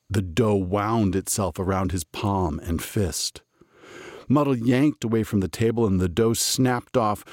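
A man narrating a storybook in a lively, expressive storytelling manner. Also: fairly low pitch, dry recording, clean studio sound. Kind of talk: storybook reading.

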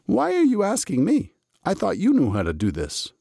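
A man's voice: high voice, huge pitch swings, moderate pace, vocal fry, dark tone, breathy edge, no room sound, pitched above the performer's own voice, full character voice. A bumbling young baker's helper, befuddled and plaintive, put on by a man reading a storybook. His voice jumps well above the reader's own and swoops up and down. The sound is close and dry.

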